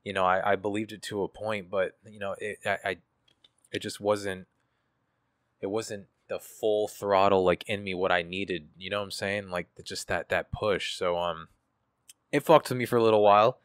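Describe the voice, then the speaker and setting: Low-voiced man speaking candidly. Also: steady tone, moderate pace, smooth, dry recording, clean studio sound. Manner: casual, profane, reflective with many fillers. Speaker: guest artist. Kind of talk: candid interview.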